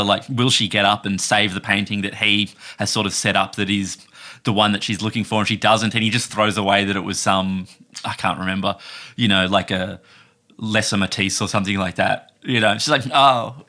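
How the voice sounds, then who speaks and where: Joking low-voiced man, bright edge. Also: little pitch movement, fairly quick. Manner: joking, crude, acts out bits with mock laughter. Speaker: podcast co-host. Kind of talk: casual film discussion.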